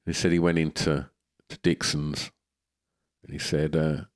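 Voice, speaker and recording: A man's voice: a bass voice, level tone, unhurried, dry recording, studio quality. A man in his fifties co-hosting a podcast, telling stories in casual chat, swearing and laughing often. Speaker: podcast co-host.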